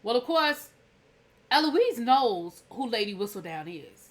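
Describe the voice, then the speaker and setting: A woman's voice: fairly high pitch, sing-song, measured pace. A woman hosting a TV review channel, recapping an episode in a chatty, rambling way with many fillers and restarts.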